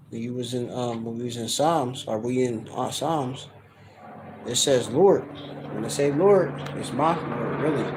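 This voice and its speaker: A man in a casual scripture study, loose and conversational, reading verses slowly and sounding out words to define them, recorded on a handheld phone. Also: mid-range voice, background noise. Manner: loose and conversational, heavy on "you know" and "all right". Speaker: Bible teacher. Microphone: handheld phone camera, no tripod.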